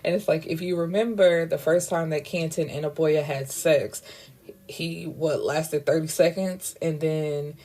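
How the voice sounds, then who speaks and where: Chatty woman recapping a book, fairly low. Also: steady tone, unhurried, dark tone. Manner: candid, chatty, swears freely and adds wry asides. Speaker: book reviewer recapping a novel. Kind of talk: casual spoken book recap.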